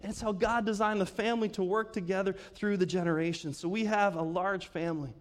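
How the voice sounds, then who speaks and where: Pastor, male, high voice, easygoing sermon delivery with questions to the congregation, church hall with long reverb. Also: fairly even intonation, brisk. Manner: conversational, asks the congregation questions, laughs often. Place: church sanctuary.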